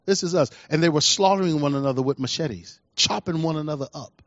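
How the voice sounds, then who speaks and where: A man's voice: fairly high pitch, quick pace, dry recording. Emphatic middle-aged male preacher, dull dry sound. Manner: emphatic, repeats key lines, swings from soft to loud. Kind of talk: sermon.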